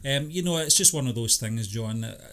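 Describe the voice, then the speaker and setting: A man co-hosts a film chat and thinks aloud as he goes. He hesitates, agrees readily and fills gaps with small fillers, in a voice of ordinary middle pitch. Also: lively intonation, fairly quick, fairly bright tone, slight background noise. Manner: hesitant, many ums and you-knows, agreeable. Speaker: film review podcast co-host. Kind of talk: casual chat.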